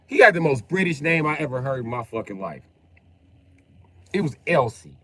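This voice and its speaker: A man's voice: medium pitch, very animated, normal speed, a bit bright. A young man streaming a game, rambling and joking with plenty of profanity. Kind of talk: casual gaming livestream chat.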